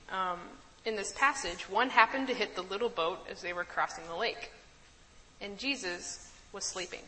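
A woman's voice: medium pitch, sharp tone, in a large hall, slight background noise, poor audio. A woman leading a conversational Bible study, chatty, laughing easily and often checking in with her listeners. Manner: chatty, laughs easily, keeps asking "right?".

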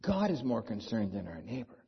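A husky-voiced man preaching, his pitch rising and falling with lively expression as he puts rhetorical questions to his listeners. The recording is dull and lo-fi. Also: moderate pace. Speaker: pastor. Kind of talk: sermon. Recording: dull lo-fi sound.

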